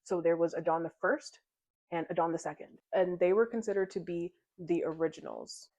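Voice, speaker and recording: Chatty woman recapping a book, low-ish voice. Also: fairly even intonation, fairly quick, a little mellow. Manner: chatty retelling, slips into quoted dialogue; casual, swears and giggles. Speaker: book club vlogger.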